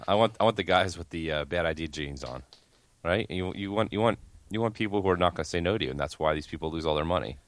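A man on a comedy podcast tossing out wry jokes. His voice is extremely deep and his speech is rapid. The recording is dry and close. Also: no echo. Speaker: podcast co-host. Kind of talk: casual banter.

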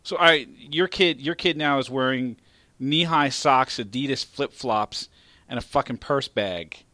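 A man's voice: mid-range voice, measured pace, bright, forceful tone, no room sound. A man hosting a casual podcast, laughing often and swearing freely as he chats. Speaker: podcast host.

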